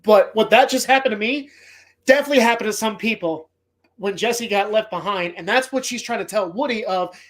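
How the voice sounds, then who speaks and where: A man's voice: high voice, fairly quick, a bit bright. A man hosting a movie podcast, talking casually in a rambling, heartfelt way and swearing often. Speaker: podcast host.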